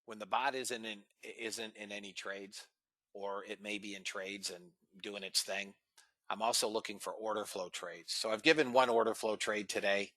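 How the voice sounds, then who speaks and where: A man with a low voice and a bright, forceful edge, hosting a live trading room. He talks casually to the viewers as guys and fellas and reads out trade figures. The sound is dry and close. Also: steady tone, moderate pace, no room sound.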